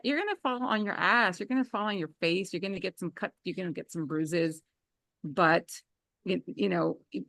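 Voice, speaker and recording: A woman in her thirties or forties, a podcast co-host, chatting casually and telling a story with lively, acted-out dialogue. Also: no echo, studio quality. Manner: animated storyteller, acts out dialogue in a higher voice.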